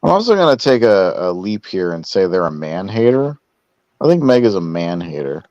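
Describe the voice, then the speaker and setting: A man's voice: low-pitched, very animated, moderate pace, a little mellow, no room sound, muffled recording. A man chatting sarcastically on a live stream panel, mocking in a casual way.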